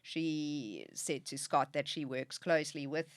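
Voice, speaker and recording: A woman's voice: low-pitched, a little slow, dry recording. A middle-aged woman, a podcast guest, speaking candidly in a conversational interview. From South Africa. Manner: candid, emotional at times, laughs through tears.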